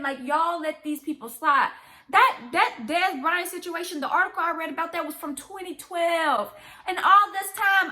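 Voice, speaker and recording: A woman's voice: high voice, sharp tone. Impassioned young woman ranting to camera. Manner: impassioned, repetitive, emphatic ranting. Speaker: vlogger. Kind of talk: direct-to-camera commentary vlog.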